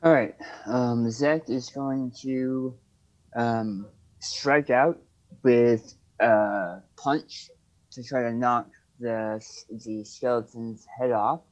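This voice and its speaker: A man playing in a tabletop game, describing his moves deliberately and hesitantly with ums. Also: medium pitch, steady tone. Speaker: player. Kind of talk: casual game chat. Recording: dull lo-fi mic.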